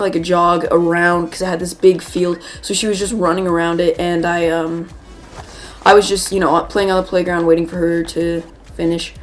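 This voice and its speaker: A woman hosts a gaming video, telling a rambling, chatty story as she plays a shooter and breaking off to react to the game. Her lowish voice has a level tone and a normal speed, with soft background music underneath.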